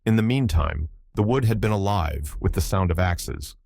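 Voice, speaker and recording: A man narrating a classic children's story in a measured storytelling manner. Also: sits low, expressive, gravelly, a little mellow, dry recording, clean studio sound. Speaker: audiobook narrator. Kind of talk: scripted narration.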